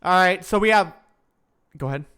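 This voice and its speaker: A man's voice: high voice, moderate pace, pushed and bright, smooth. A man hosting a casual live stream, chatting and joking as he follows a practice session, often laughing at his own slips. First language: English.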